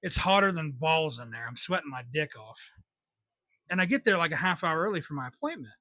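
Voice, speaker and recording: A man's voice: fairly high pitch, very animated, fairly quick, bright, forceful tone, no echo. A man in his twenties telling a story on a podcast in a casual, blunt, wry way, swearing freely. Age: 20s. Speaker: podcast host.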